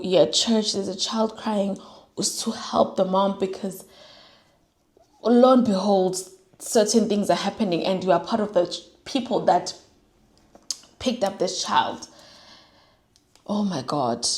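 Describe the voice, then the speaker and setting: A woman's voice: medium pitch, a little mellow, echoey room. A young South African woman talking earnestly while doing her makeup, driving her points home by repeating phrases and slipping into Zulu and Sotho words. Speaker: vlogger.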